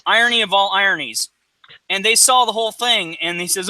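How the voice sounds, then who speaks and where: High, bright-voiced rambling man. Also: a little fast, dry recording, poor audio. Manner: rambling, profane, animated storyteller. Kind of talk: casual chat storytelling.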